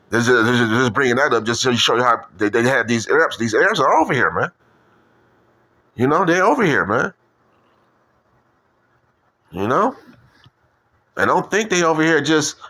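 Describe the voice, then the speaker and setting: A man rambles on in a loose, profane monologue. He leans on street slang, repeats himself and keeps circling back. His voice sits at an ordinary middle pitch for a man. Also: sharp tone. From Detroit. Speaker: video commentator.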